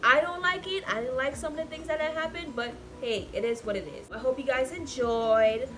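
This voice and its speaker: A woman in her twenties venting in a casual vlog, talking emotionally and swinging between loud and soft. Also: sits high, fairly quick, a little hiss or hum. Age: 20s. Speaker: vlogger.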